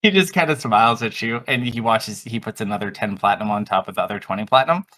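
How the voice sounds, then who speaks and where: A game master narrating a tabletop game in a casual, relaxed way. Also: medium pitch, quick pace.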